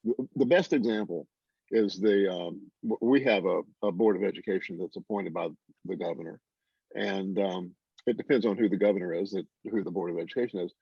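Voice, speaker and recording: A man's voice: low-pitched, fairly quick, gravelly, breathy edge, no room sound. A man moderating a class discussion on a video call, asking questions in a folksy, wry way. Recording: dry, dull video call audio.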